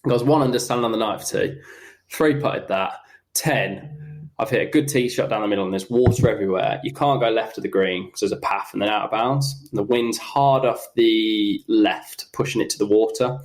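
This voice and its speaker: A young man, a pro golfer, telling animated, self-mocking stories about his round in casual podcast chat. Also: on the low side. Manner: animated, self-mocking anecdotes with quick asides. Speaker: professional golfer guest.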